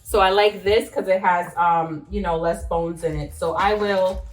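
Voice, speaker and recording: A woman's voice: on the low side, fairly even intonation, measured pace. A young woman chatting casually while she cooks in a home kitchen, rambling with fillers and restarts. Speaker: cooking vlogger. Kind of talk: casual cooking chat. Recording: roomy sound from a distance.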